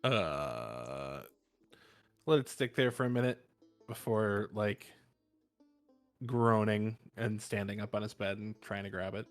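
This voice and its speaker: A man's voice: lowish voice, expressive, slow, long pauses, soft background music. A man speaking as a player in a tabletop game, laid-back and hesitant, with lots of filler. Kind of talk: tabletop role-play chat.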